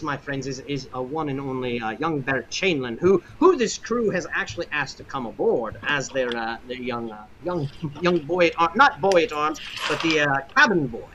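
A man's voice: on the high side, animated, normal speed, bright, forceful tone, lo-fi sound, slight background noise. A man running a tabletop game as game master, narrating in a rambling way with many fillers.

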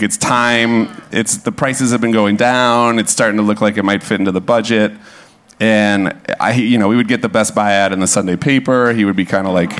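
A man in his thirties from Minnesota with a lowish, relaxed voice tells a comic story to a live crowd. He is animated and laughs along, and he acts out what people said. He is on a stage mic in a club. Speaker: guest storyteller.

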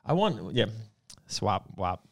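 A young man co-hosting a podcast in casual chat, animated and rambling, laughing often. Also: lowish voice, takes it slowly, vocal fry, slight background noise. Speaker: podcast co-host.

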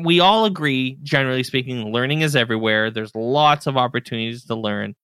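Male podcast host, bright and punchy, dry studio sound, loose conversational read. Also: medium pitch, smooth, dry recording. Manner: chatty, trails off and restarts, relaxed. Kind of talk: casual podcast chat.

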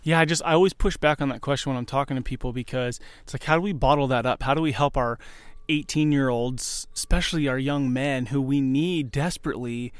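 A man's voice: medium pitch, clear, resonant tone, no echo. A man hosting a podcast, asking thoughtful, probing questions in a conversational way. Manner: thoughtful, probing, quick asides. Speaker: podcast host. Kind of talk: conversational interview.

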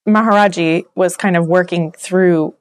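Low-voiced woman hosting an interview. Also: fairly even intonation, measured pace. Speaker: host. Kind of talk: casual interview.

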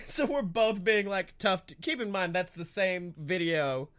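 A man's voice: high-pitched, expressive, a little slow, fairly bright tone. A man co-hosting a podcast, chatting casually with crude jokes and acted-out quotes. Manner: crude, joking, acts out quoted voices. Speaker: podcast co-host. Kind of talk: casual comedic chat.

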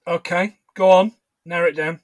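Guy co-hosting a film podcast, bit higher voice, dry close sound, jokey banter. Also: steady tone, normal speed, no room sound. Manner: banter-heavy, playful sign-off patter. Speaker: podcast co-host. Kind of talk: casual podcast chat.

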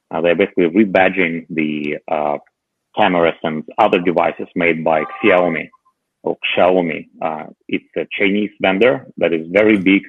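Over a remote call with a muffled, phone-like line, a low-voiced man co-hosts a podcast and chats casually about tech gadgets. He sounds hesitant and uses lots of filler sounds, with no room sound in the recording.

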